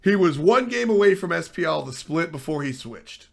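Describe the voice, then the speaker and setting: A man's voice: on the high side, normal speed, creaky, noisy background. A man hosting a casual livestream talk show about esports, talking bluntly and with swearing as he riffs and answers chat. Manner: animated, blunt and profane, riffing to chat.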